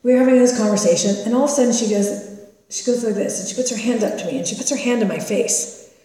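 A woman's voice: on the high side, quick pace, mellow, recorded from a distance. Candid middle-aged woman in an echoey hall. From California. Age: 50s. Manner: candid, self-mocking, conversational storytelling. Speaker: recovery meeting speaker. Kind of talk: personal recovery share. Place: large meeting hall.

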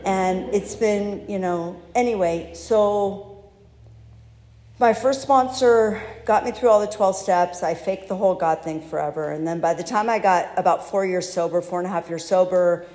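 A woman telling her own recovery story in a candid, halting, self-deprecating way, recorded in a large hall. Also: medium pitch, dark tone. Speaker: speaker sharing recovery story. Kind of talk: personal testimony talk. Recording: echoey hall.

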